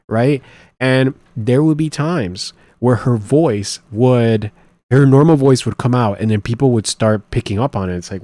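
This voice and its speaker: A man's voice: mid-range voice, a little slow, a little mellow, dry recording. A man hosting a reaction video, talking casually and rambling as he thinks aloud with many restarts. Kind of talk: casual commentary.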